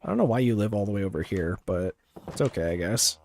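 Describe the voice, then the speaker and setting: A man's voice: lowish voice, lively intonation, fast talker, a little mellow, a little hiss or hum. A man streaming a game live, chatting casually in a laid-back, chill way and chuckling often. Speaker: gaming streamer. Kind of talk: casual gaming livestream chat.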